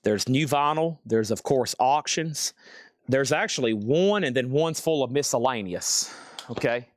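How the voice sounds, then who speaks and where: A man hosting a live-stream vinyl auction, rattling off titles and prices in quick, chatty patter. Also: mid-range voice, expressive.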